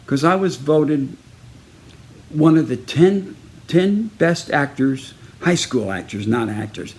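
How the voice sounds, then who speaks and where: A man from Texas telling a story in a casual personal video message, in a lively way, acting out each person he quotes. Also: a little high, slow pace. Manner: lively, acts out each person in the story with raised, punchy delivery.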